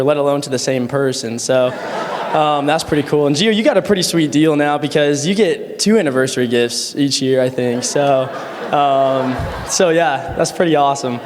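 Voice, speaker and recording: A man's voice: on the high side, slight background noise. A young man, a friend of the groom, giving a casual wedding toast full of fillers and stories in a reception hall. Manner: casual, rambling, with many fillers and laughs. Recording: echoey hall sound.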